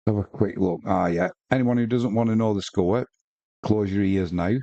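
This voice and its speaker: A man's voice: on the low side, normal speed, creaky, warm tone, no room sound, lo-fi sound. A man hosting a live football watch-along, commentating and chatting casually with viewers. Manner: chatty, talks to viewers and reads out chat messages.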